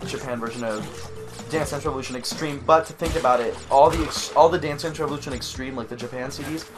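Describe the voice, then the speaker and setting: A man's voice: mid-range voice, fast, over music. A young man co-hosting a let's play, talking in blunt, hesitant casual gaming chat. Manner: blunt, hesitant, crude reactions. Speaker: co-host.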